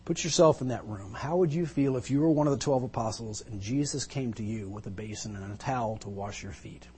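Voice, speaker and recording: A man's voice: mid-range voice, brisk, mellow, slight background noise. A male pastor preaching a sermon, retelling a Bible story vividly and with emphasis, pulling listeners into the scene.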